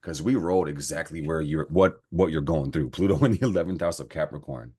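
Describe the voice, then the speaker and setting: A man's voice: very deep voice, fairly quick, slightly rough. A man giving a casual astrology and tarot reading to camera, talking in a slangy, profane, encouraging way. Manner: slangy, profane, animated pep talk.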